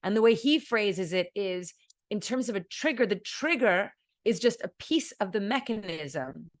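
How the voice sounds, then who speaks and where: A woman's voice: mid-range voice, lively intonation, measured pace, no room sound. Woman on an advice stream, earnest and rambly, dry close sound. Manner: earnest, rambling, acts out her own inner thoughts. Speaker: streamer giving advice, voice actor. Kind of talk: casual advice stream talk.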